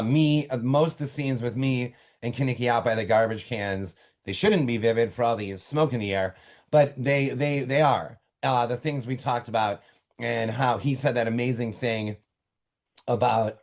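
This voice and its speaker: Speaking from his home office, a middle-aged man who writes books chats casually as an interview guest. His mid-range voice carries animated storytelling that keeps breaking into fast asides and fresh starts.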